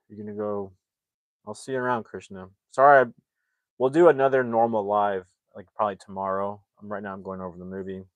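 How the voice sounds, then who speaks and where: A man's voice: lowish voice, dry recording. A man casually retelling a movie's plot on a livestream, rambling with many fillers and acting out the characters' lines. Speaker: movie recap streamer.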